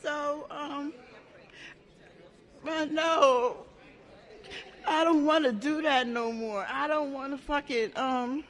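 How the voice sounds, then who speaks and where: A woman giving a raw, emotional personal share at a support meeting, talking in halting bursts with many restarts and plenty of swearing. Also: sits high, fairly even intonation, fairly bright tone. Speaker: member sharing at a support meeting. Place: meeting room. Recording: echoey hall.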